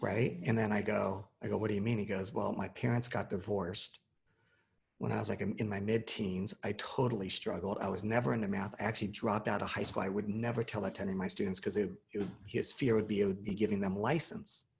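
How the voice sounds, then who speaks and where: A man's voice: fairly low pitch, flat delivery, brisk, gravelly, a little mellow. A man in his forties telling a personal story in casual conversation, acting out the quoted dialogue.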